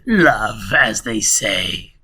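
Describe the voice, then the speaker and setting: A man voicing an ancient, sinister male entity that is cryptic and amused, speaking slowly with soft whispers in a tabletop game. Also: fairly low pitch, animated, slightly rough, full character voice. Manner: slow, savoring, with soft chuckles and hissed whispers. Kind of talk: game master voicing a character.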